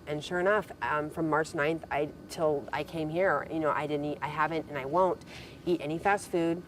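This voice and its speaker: This reality show contestant is a young woman with a deep voice, steady tone, and moderate pace. In casual conversation she rambles through a long personal story, full of "like" and acted-out "I'm like" quotes, over a little hiss or hum.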